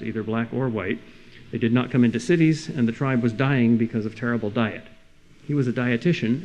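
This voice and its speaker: A man's voice: medium pitch, warm tone, slight background noise, poor audio. A man delivering a sermon-like lecture, earnest and full of rhetorical questions with rising emphasis. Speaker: speaker.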